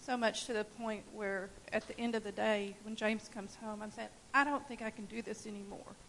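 A woman giving a personal testimony at a church service, telling her story in an animated way and laughing at times. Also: mid-range voice, moderate pace, vocal fry, low-quality recording. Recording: faint hiss.

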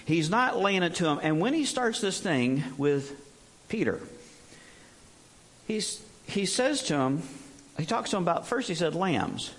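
A man's voice: high voice, sing-song, unhurried, long pauses, fairly bright tone. A man in his sixties preaching a folksy, humorous sermon as a missionary, full of rhetorical questions.

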